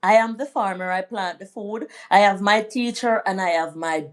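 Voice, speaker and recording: A middle-aged woman from Jamaica hosting a live stream, chatting in a rambling way and giving shout-outs to her viewers. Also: mid-range voice, normal speed. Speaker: vlog host. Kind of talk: casual live-stream chat.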